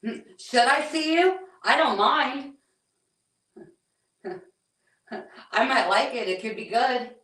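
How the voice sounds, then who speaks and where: Woman medium, halting and hesitant, slightly high voice, echoey room, heard from a distance. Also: expressive, fairly bright tone. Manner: halting, hesitant, restarts and relays what she hears. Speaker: psychic medium on a paranormal investigation. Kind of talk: live on-site spirit readings.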